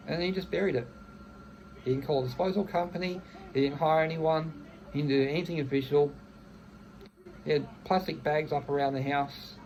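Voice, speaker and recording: A gravelly man in his thirties vents in a casual monologue. His voice is dark and rough, and he talks bluntly and angrily, swearing freely and tripping over restarts. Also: mid-range voice, a little hiss or hum, low-quality recording. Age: 30s. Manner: angry, blunt, swears heavily, restarts phrases. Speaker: vlogger.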